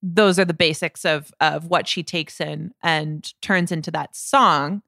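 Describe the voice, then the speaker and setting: Woman co-host, bright tone, dry close sound, chatty, joking, asks questions. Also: low-pitched, fairly even intonation, unhurried, vocal fry, no echo. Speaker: podcast co-host. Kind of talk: casual chat.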